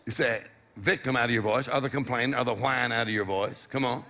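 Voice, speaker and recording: A man's voice: medium pitch, steady tone, a little fast, sharp tone, slight background noise. A middle-aged man preaching a sermon, exhorting the congregation with call-and-response and a repeated "come on".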